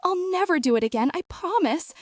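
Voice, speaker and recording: A woman voicing a panicked, cowardly young man who pleads in a high, whiny voice. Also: huge pitch swings, moderate pace, slightly rough, no echo, studio quality, full character voice. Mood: pleading. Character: panicked young male car thief, skinny and cowardly.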